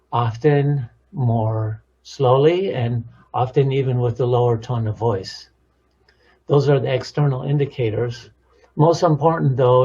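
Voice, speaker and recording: A man talking as a counselor, teaching about relationships in a calm, measured way. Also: mid-range voice, slightly rough, highs cut off. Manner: calm, measured, demonstrates tones of voice. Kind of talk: instructional talk on relationships.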